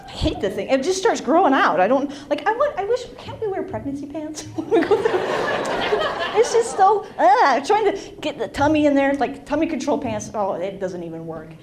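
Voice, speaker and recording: Middle-aged woman comedian, high lively voice, live crowd laughing, stand-up set. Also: moderate pace, noisy background. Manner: brash, self-mocking, laughs often. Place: comedy club stage. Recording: live club with loud crowd. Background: audience laughter and chatter.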